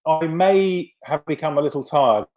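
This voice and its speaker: A man's voice: on the high side, expressive, normal speed, darkish tone. Man telling self-deprecating anecdotes. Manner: anecdotal, self-deprecating, many fillers and restarts. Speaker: guest, venue producer. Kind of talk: casual storytelling interview.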